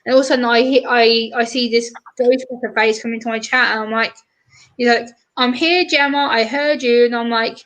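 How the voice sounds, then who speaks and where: A woman chatting on a live stream, retelling stories in an animated way with lots of quoted voices. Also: on the high side, fairly quick. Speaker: streamer guest. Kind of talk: casual chat on a live stream.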